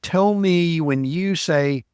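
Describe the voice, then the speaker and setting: A man's voice: a little high, slow, darkish tone, smooth, dry recording, clean studio sound. A man who hosts a podcast and works as a coach, asking reflective, probing questions in a conversational interview.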